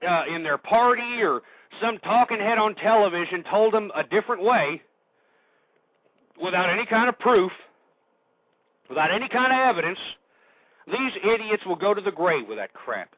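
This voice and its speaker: A man hosting a radio show, ranting angrily and shouting insults at his listeners. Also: high voice, lively intonation, normal speed, long pauses, dry recording, phone-quality sound. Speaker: radio host. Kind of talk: angry political rant.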